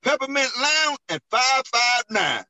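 A man's voice: extremely high pitch, sing-song, measured pace, bright, forceful tone, no room sound, rough recording. A man in casual conversation as a veteran comedian, advising others and repeating phrases for emphasis. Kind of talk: casual chat.

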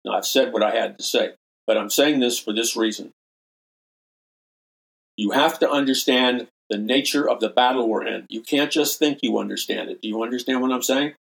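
An older man with a gravelly, creaky edge to his voice preaches with fervor as a broadcast minister. He stresses points by hammering the same phrase again and again, and his pitch sits in an ordinary middle range. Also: normal speed, a bit bright, poor audio. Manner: emphatic, repeats phrases for stress. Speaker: minister and show host. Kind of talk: impassioned preaching commentary.

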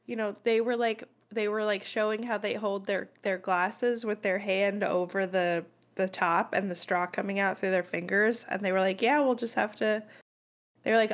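A woman's voice: medium pitch, steady tone, highs cut off. A woman co-hosting a podcast, chatting bluntly and swearing as she talks about a film. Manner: blunt, swears freely, quick agreement. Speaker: podcast co-host. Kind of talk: casual film-critique chat.

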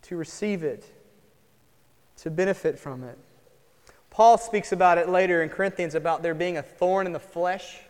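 A man preaching from the pulpit with a high-pitched voice, energetic and conversational. His voice rings out into a church hall that carries a long reverb. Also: normal speed, long pauses. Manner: lively preaching, swings between loud emphasis and quiet asides. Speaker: pastor. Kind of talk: sermon.

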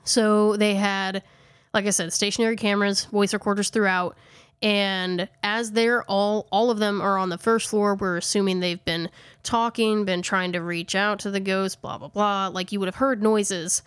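A woman's voice: mid-range voice, fairly even intonation, moderate pace, a bit bright, clean tone, no room sound. A woman host chatting casually, recapping a video with lots of fillers and self-corrections, a little out of breath. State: slightly out of breath. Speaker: podcast host. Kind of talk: casual chat recapping a ghost-hunting video.

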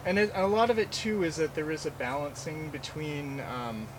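A man's voice: fairly high pitch, normal speed, background noise. A man chef teaching a live cooking class in a chatty, rambling way, with many fillers and restarts. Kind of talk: casual live cooking demonstration. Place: farm kitchen class with audience.

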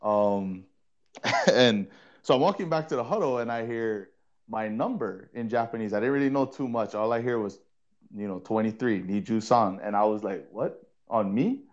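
Lively man telling football stories. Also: fairly low pitch, normal speed, muffled recording. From Hawaii. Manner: animated, laughing, repeats words while telling anecdotes. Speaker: co-host, former player and coach. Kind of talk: casual storytelling in a podcast chat.

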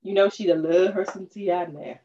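A woman in casual chat over a music quiz, animated and slangy, laughing as she talks. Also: lowish voice, brisk. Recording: dull lo-fi sound.

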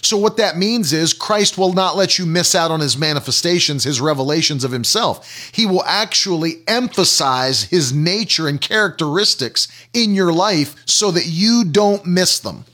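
A man delivers a sermon, teaching with questions and plain examples. His voice rides a little high and moves up and down a great deal. He repeats key phrases to drive them home. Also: expressive, normal speed, few pauses, sharp tone. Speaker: preacher.

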